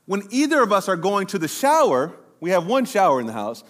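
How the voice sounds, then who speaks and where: A middle-aged pastor preaching a sermon to his congregation, slowing down and drawing out words for emphasis. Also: high-pitched, huge pitch swings, a bit bright. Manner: preaching to a congregation, addressing the room directly; slows down and draws out words for emphasis.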